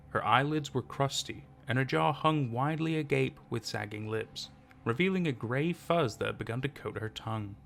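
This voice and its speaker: A man reading a horror story aloud at a steady, measured pace. His voice has a middle pitch and a marked gravelly creak. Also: a little hiss or hum. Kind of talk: scripted horror narration.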